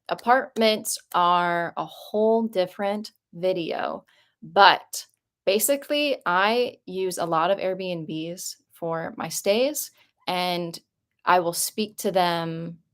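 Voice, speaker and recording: A woman's voice: lowish voice, a bit bright. A young woman vlogging casually from her apartment, talking in a chatty, rambling way with lots of "like" and rising emotion. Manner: chatty and rambling, heavy use of "like"; emotional, voice jumps up when moved. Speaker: vlogger answering viewer questions. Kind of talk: casual live-stream chat.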